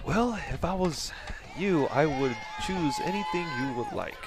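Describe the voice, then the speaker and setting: Man, softball color commentary, outdoors, animated pitch, teasing, laughs a lot. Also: a little slow.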